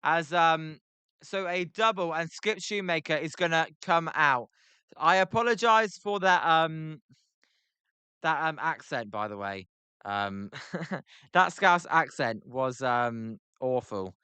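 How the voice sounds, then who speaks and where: A man's voice: on the high side, animated, slow pace, bright, forceful tone, clear, resonant tone, no room sound. A British man doing live baseball play-by-play for a stream, chatting with viewers, full of filler ums and self-deprecating asides. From Britain.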